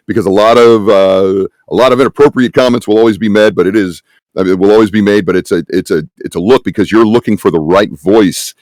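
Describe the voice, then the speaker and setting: A man's voice: on the low side, a little mellow, no echo. A man on a conference panel who casts games, speaking emphatically and conversationally, with rhetorical questions. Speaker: panelist, game casting producer.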